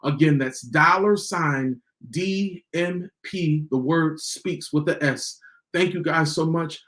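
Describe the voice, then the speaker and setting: A man's voice: on the high side, takes it slowly, a bit bright. A man hosting a podcast, giving a motivational talk in a preachy way and repeating lines for emphasis. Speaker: podcast host.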